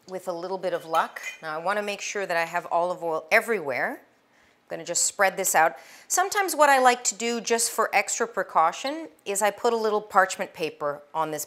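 A middle-aged woman hosting a casual cooking demonstration, chatty and enthusiastic, with a loud, projecting voice, talking to the viewer as she works the dough. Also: lowish voice. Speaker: cooking show host.

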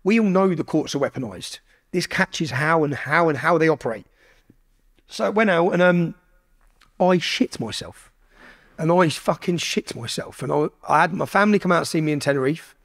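Bloke swearing a lot, telling a story on a podcast, voice a bit high for a guy. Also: brisk, vocal fry. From England. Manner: heavy swearing, animated retelling with quoted dialogue. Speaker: podcast guest. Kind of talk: casual storytelling.

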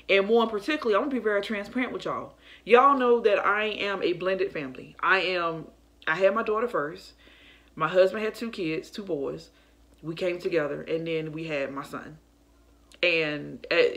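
A woman's voice: fairly low pitch, expressive, fairly quick, creaky, a bit bright. A young woman telling viewers about a dream in a casual, earnest and emotional way, calling them y'all. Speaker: faith vlogger. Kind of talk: casual testimony to camera.

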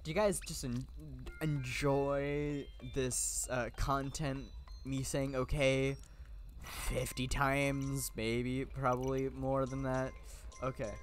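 A young man hosts a gameplay video with casual commentary, rambling, poking fun at himself, and using lots of filler words. His medium-pitched voice is flat, and he speaks slowly over soft background music.

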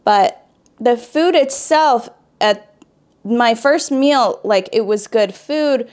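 Speaking slowly in a fairly high, slightly mellow voice, a young woman from Wisconsin, USA shares a personal story during a casual makeup vlog. The beauty vlogger is chatty and keeps restarting, her speech thick with "like" fillers.

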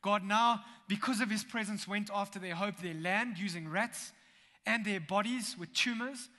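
A man preaching a sermon in a church, telling the story in a lively way with humorous asides. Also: sits high, normal speed. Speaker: pastor. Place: church sanctuary. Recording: long church hall reverb.

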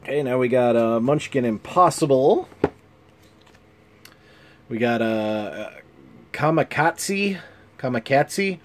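A man hosting a casual card game review, reading cards in an amused, chuckling, unhurried way. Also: medium pitch, slight background noise. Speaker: channel host.

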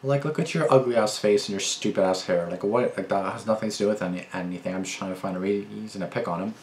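A man's voice: fairly low pitch, fast talker, echoey room, a little hiss or hum. A young man reacting to a video, rambling and repeating himself, swearing heavily and getting indignant. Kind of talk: casual reaction commentary.

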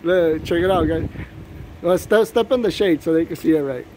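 A man with a fairly high voice films himself on his phone, chuckling between lines and teasing as he chats to viewers. He records from his truck and a sunny alley, with faint noise in the background. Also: normal speed, darkish tone. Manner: laughing, teasing, addresses viewers. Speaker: vlogger. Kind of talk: casual vlog. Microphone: phone camera.

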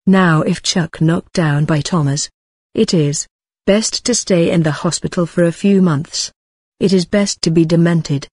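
A woman reading a novel aloud in an even, unhurried way with little expression. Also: lowish voice, breathy edge, no room sound, studio quality. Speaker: narrator. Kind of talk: scripted narration of a translated web novel.

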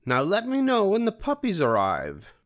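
A man's voice: wildly swooping pitch, normal speed, no echo, studio quality. A man voicing a haughty, fur-loving female villain in a storybook reading, with a drawling, theatrical delivery. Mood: breezy. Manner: drawling, theatrical, swooping high. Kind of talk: storybook read-aloud.

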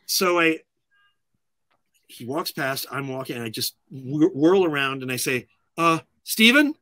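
Middle-aged male filmmaker guest, bright forceful tone, dry close sound, lively anecdotal storyteller. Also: medium pitch, a little slow, dry recording. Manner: acts out other people's lines in lively voices.

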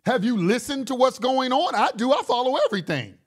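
A man's voice: extremely high pitch, expressive, fairly quick. A male talk show host delivering a heated, profane monologue, repeating words and restarting his sentences as he gets worked up.

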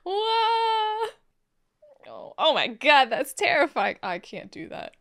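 A woman's voice: sits high, wildly swooping pitch, takes it slowly, fairly bright tone. A young woman reacting to an anime episode in casual commentary, emotional and exclamatory, thinking aloud with lots of "like".

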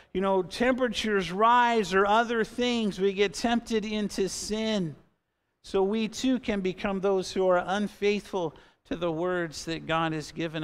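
A man's voice: sits high, clean tone. A man in his fifties preaching a sermon as pastor in a church, earnest and conversational, with asides to the congregation. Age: 50s. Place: church sanctuary.

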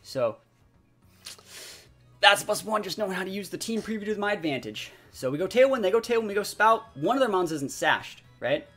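A young man chatting excitedly as he commentates his own competitive game match, full of fillers. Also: sits high, moderate pace. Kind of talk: live gameplay commentary. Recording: faint background music.

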